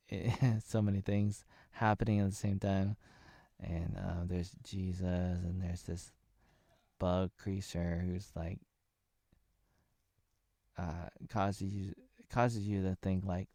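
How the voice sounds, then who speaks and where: A man in his thirties talks through a cartoon episode in a loose, wandering way, stacking filler words between jokey asides. His voice sits low and mellow. The sound is dry and close, with no room around it. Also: gravelly, dry recording. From Oregon, USA. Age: 30s. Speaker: TV episode reviewer. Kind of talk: casual rambling recap.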